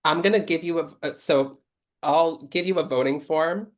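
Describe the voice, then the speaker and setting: Brisk host of an online game. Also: medium pitch. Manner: brisk, businesslike rule-giving. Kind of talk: hosting an online game over video call. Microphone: video call.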